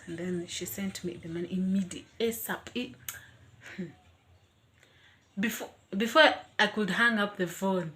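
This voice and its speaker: A young woman telling a personal story in a casual vlog, animated and expressive, often acting out her own reactions. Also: medium pitch, moderate pace, a little hiss or hum. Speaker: vlogger.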